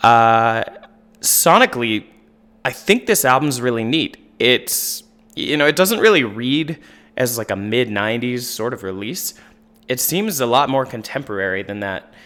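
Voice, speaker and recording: A man on a podcast panel, chatting casually about an album in a relaxed, rambling way with lots of fillers. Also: medium pitch, a little slow. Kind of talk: casual album review chat.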